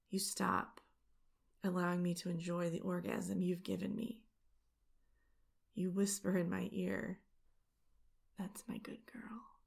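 A woman in a whispered role-play, her hushed voice slow and unhurried. The tone is low and heavily gravelly, with a husky, breathy texture. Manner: soft intimate whisper. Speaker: storyteller.

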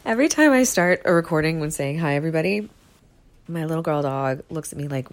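A woman's voice: low voice, animated, fairly quick. A woman chatting casually to her listeners from her bed, rambling and self-deprecating, laughing often, recorded close to the mic. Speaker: comfort audio creator. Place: bedroom, on her bed with her dogs.

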